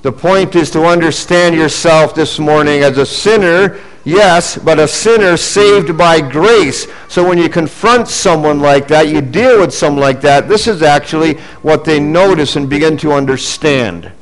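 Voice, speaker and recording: A middle-aged male pastor delivering a sermon in a fairly high voice. He is earnest, pushing up for emphasis and falling to low, soft asides. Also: unhurried, few pauses, low-quality recording.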